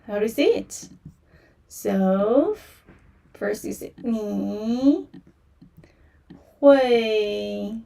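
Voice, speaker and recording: A woman teaching beginner in a livestream, speaking slowly and patiently, repeating phrases and saying "yeah" often. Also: medium pitch, animated, creaky, mellow, distant mic. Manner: slow and patient, repeats phrases many times, fillers like "yeah". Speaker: Chinese language teacher. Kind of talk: livestream language lesson.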